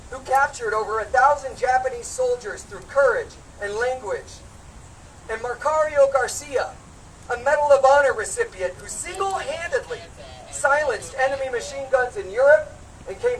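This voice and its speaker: A woman running for office giving an impassioned rally speech outdoors at a protest, recorded from a distance. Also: sits high. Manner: impassioned, builds to shouted call-and-response. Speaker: congressional candidate speaking at a protest. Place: outdoors on steps at a street protest. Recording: distant street recording with crowd noise.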